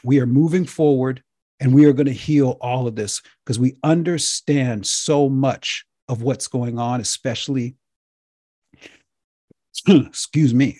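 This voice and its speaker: A man giving an impassioned lecture-style talk to viewers, emphatic and repetitive, his voice getting hoarse. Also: medium pitch, unhurried, warm tone, no echo, studio quality. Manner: emphatic, preachy, repeats himself. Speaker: speaker addressing viewers.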